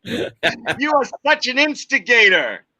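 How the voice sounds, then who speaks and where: A man from the United States, co-hosting a casual football chat and ranting with animated, teasing energy. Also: extremely high pitch, slow pace, no room sound. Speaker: co-host.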